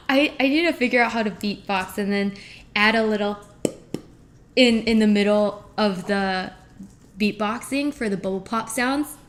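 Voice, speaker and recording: A woman's voice: medium pitch, unhurried, pauses often. A woman streaming live from her kitchen as she cooks, chatting playfully with her viewers, reading their messages aloud and trading puns with them. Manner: playful, punning, reads chat aloud and answers it. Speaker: livestreamer. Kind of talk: live cooking stream chat. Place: home kitchen.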